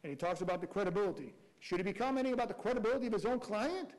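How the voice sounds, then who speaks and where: A man's voice: high voice, rapid-fire, a little mellow, slight background noise, rough recording. A man arguing as a prosecutor at a courtroom hearing, pressing his points with emphatic rhetorical questions. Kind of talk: courtroom argument.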